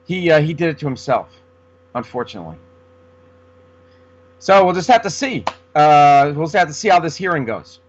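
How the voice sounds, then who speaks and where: Male co-host, rambling casual sports talk, higher voice, dull lo-fi recording. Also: very animated, moderate pace, long pauses, slight background noise. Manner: rambling, many restarts. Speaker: podcast co-host. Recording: dull lo-fi sound.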